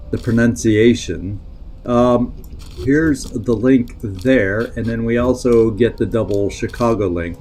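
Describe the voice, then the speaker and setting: A man's voice: mid-range voice, a little mellow. A man streaming a strategy game, thinking aloud, reading in-game text and answering chat as he plays. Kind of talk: live-stream gameplay commentary.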